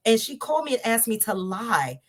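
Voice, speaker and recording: A woman in her thirties telling a personal faith story to a discussion group, candid and lively, often turning to her listeners. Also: fairly high pitch, a little fast. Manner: animated, conversational, laughs often, addresses listeners directly.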